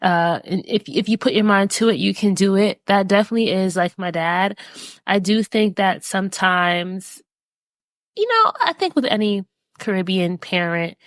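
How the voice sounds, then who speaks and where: A woman's voice: medium pitch, expressive, moderate pace, no echo. A woman hosting a podcast, talking earnestly and encouragingly about life lessons, with casual fillers. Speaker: podcast host. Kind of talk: reflective personal talk.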